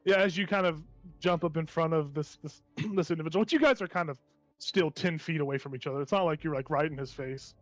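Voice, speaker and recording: A man's voice: fairly high pitch, quick pace, no room sound, soft background music. A man narrating as game master of a tabletop game, describing the scene in a loose, rambling way full of restarts.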